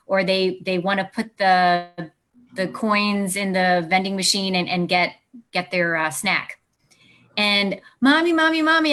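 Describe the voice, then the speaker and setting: A woman's voice: medium pitch, fairly bright tone. A woman, a parenting author and guest on an interview show, explaining her ideas and acting out little scenes between parent and child. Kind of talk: interview answers.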